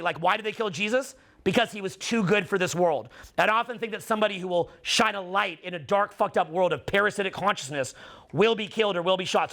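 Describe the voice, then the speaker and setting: A middle-aged man giving an intense, preachy motivational monologue, swearing and slowing down to stress his points. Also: high-pitched, vocal fry, pushed and bright. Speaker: dating and social skills coach.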